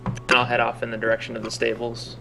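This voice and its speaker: A man's voice: medium pitch, completely flat delivery, over music, low-quality recording. Man playing a tabletop game, filler-heavy. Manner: rapid, filler-heavy, giggly. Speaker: player.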